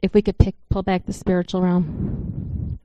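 A woman's voice: lowish voice, little pitch movement, a little slow, dry recording, dull audio. A woman giving an informal sermon, talking in an earnest, conversational way and telling a story to the congregation. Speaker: church speaker.

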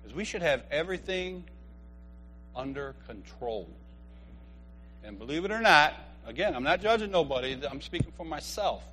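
Animated, laughing man in his fifties. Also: fairly high pitch, moderate pace, a little hiss or hum. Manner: animated storyteller who laughs often. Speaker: church member giving a testimony. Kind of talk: humorous church testimony.

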